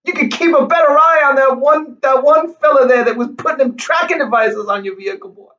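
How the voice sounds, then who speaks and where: A man's voice: extremely high pitch, a little fast, bright, forceful tone, recorded from a distance, dull audio. A man doing a comedic impression of an older male TV preacher, with a whiny, pleading drawl that repeats names over and over. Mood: begging.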